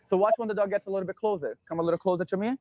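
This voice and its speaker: Man, dog trainer, calm instructive tone, short commands, dry sound. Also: high voice, racing, no echo.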